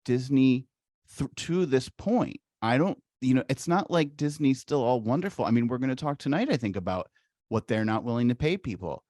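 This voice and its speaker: A man's voice: mid-range voice, lively intonation, normal speed, darkish tone, no room sound, clean studio sound. A man co-hosting a podcast in casual, opinionated chat, wry and critical, often laughing. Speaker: podcast co-host.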